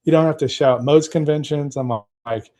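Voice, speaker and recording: Speaking at a moderate pace, this man from the United States has a fairly high, mellow voice with a steady tone. He's a game master appearing as a podcast guest, chatting casually about running games in a rambling way full of fillers and restarts.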